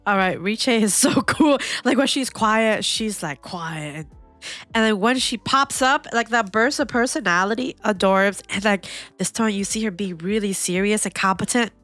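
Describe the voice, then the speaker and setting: A woman hosting an anime reaction video, chatting casually and excitably, with lots of "like" fillers. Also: mid-range voice, moderate pace, faint music behind. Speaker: anime reaction channel host.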